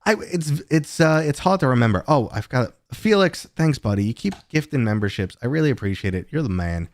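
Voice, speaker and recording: A man's voice: lively intonation, brisk, no room sound, clean studio sound. A man hosting a casual live stream, rambling through viewer questions with lots of tangents and fillers. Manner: jumps to a much higher, louder pitch when greeting viewers.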